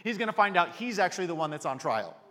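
A man in his thirties preaching a sermon in a conversational, joking way with lively emphasis. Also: sits high, fast talker. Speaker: pastor. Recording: echoey hall reverb.

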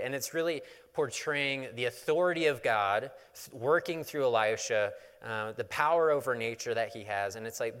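Casting: male preacher, mid pitch, relaxed conversational storytelling, long hall reverb. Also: clean tone. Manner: casual, conversational storytelling with humor. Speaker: pastor. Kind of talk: sermon.

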